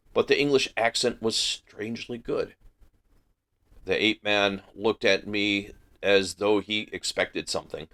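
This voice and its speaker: A man hosting a book club livestream, reading a classic novel aloud in a careful, measured way. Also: lowish voice, a bit bright.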